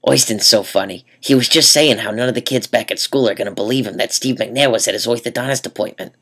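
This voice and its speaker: A man voicing his own excited, chattering mother in a high, breathless way. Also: fast, husky. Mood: gushing.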